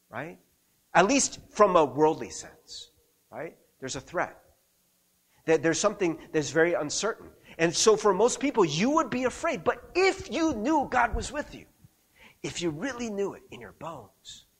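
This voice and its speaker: Man, pastor, sermon, conversational, high voice, husky. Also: fairly bright tone. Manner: conversational, frequent rhetorical "right?" and restarts.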